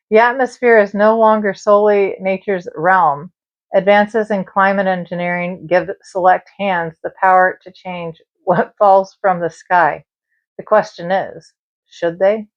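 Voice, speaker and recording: A woman's voice: lowish voice, highs cut off. A woman hosting a spiritual live stream, chatting casually and talking straight to her viewers and the spirits. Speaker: live-stream tarot and spirit box host.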